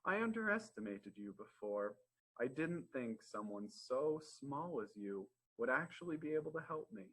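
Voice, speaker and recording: A man's voice: on the high side, big pitch swings, moderate pace, fairly bright tone, slightly rough, pitched above the performer's own voice, full character voice, rough recording. A man reading a children's story aloud, voicing a big proud male lion who boasts and later thanks a mouse. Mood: humbled.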